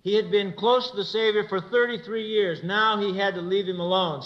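A man's voice: sits high, a little fast, hardly any pauses. A man speaking earnestly at a church gathering, telling stories and acting out quoted dialogue. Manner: earnest storyteller who acts out quoted dialogue. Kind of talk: religious talk with stories. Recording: dull lo-fi recording.

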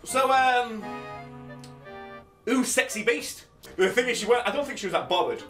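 A young man giving loud, excitable, swear-filled gameplay commentary, shouting often. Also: very high-pitched, normal speed, recorded from a distance, faint music behind. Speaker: gaming YouTuber.

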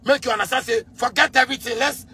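A man in his thirties with a Ghanaian accent, ranting angrily at the president, repeating himself and breaking into shouts. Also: extremely high pitch, steady tone, fast talker, slightly rough. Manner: heated, repetitive, bursts into shouting. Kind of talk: angry rant addressed to the president.

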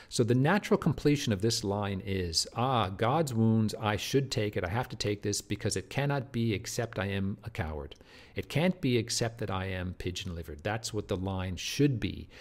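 A middle-aged man teaching literature from slides, animated, with many restarts and asides. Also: on the low side, gravelly. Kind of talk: lecture walkthrough of slides.

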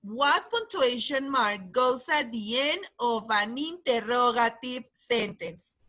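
Bright, high-voiced teacher running a class quiz over a video call, encouraging and brisk. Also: female voice, expressive. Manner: encouraging, calls on pupils by name. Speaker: English teacher. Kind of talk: online class quiz game.

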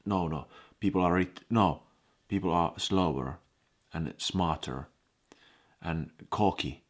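A man's voice: low voice, takes it slowly. A man from eastern Finland with a Finnish accent, giving a playful, joking video lesson recorded on an action camera mic. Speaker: language teacher vlogger.

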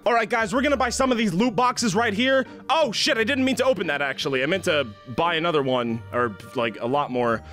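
A young man hosting a satirical gaming vlog, acting like an over-the-top hyped youtuber, then dropping into deadpan mumbles. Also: high voice, a little fast, soft background music. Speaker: gaming video host.

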